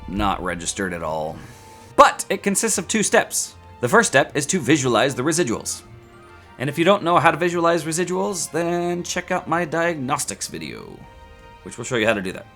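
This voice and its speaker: A man's voice: a little high, big pitch swings, moderate pace, fairly bright tone, faint music behind. A man teaching statistics in a casual video lecture, chatty and joking, with rants and self-mocking asides. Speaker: statistics instructor.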